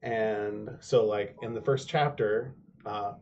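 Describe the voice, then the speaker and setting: A man's voice: lowish voice, fairly even intonation, takes it slowly, darkish tone, a little hiss or hum. Chatty man telling a rambling story. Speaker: board game show regular. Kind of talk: casual chat at a game table. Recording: dull lo-fi stream audio.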